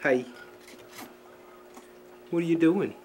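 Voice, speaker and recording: On hissy old camcorder tape, recorded through the camcorder mic, a dad narrates a home video, talking to the camera and cooing at his baby. His voice is on the high side, a little mellow and slow.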